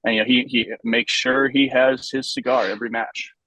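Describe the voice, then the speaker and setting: A man guesting on a podcast, explaining things in a relaxed, casual way with plenty of ums and uhs. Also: mid-range voice, moderate pace, no echo, low-quality recording. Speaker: vintage base ball club member, guest.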